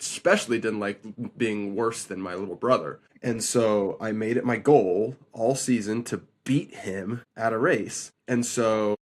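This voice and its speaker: Husky-voiced young man telling a story. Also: fairly low pitch, measured pace. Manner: lively, laughing storyteller. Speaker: guest, older brother. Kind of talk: casual storytelling.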